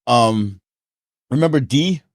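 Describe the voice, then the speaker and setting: Male podcast host, animated laughing storyteller, mid pitch, dry close sound. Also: slow, no room sound. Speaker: podcast host and boxing gym coach. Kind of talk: casual podcast chat.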